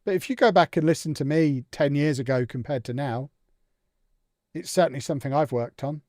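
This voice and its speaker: A man's voice: fairly high pitch, fairly quick, a little mellow, no room sound, studio quality. Chatty English man streaming a game. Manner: chatty, reflective, reacts aloud to the game. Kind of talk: casual live-stream chat while gaming.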